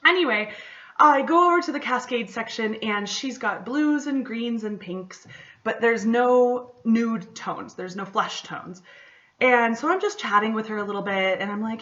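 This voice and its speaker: A young woman, chatting through a solo podcast in a relaxed, storytelling way. Her voice sits fairly high and is peppered with "like" and "you know". The home recording sounds dull and a bit lo-fi. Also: a little slow. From Michigan, USA. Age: 20s. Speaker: podcast host. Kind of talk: casual solo podcast chat.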